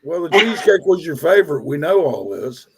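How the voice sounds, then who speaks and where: A man's voice: a little high, big pitch swings, brisk, background noise. A man on a live radio chat who laughs a lot and talks bluntly and crudely.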